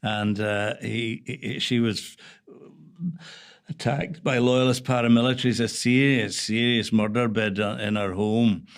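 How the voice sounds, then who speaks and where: A man's voice: medium pitch, steady tone, measured pace, vocal fry, clean tone. A man with a Northern Irish accent, a veteran journalist guest telling stories in an interview, with frequent hesitations. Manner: reflective storytelling with frequent hesitations. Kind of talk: conversational interview.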